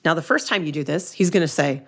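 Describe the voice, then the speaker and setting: A woman's voice: low voice, expressive, fast talker, creaky. A woman in her thirties hosting a solo podcast, giving earnest, direct relationship advice with frequent restarts. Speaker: podcast host, relationship coach.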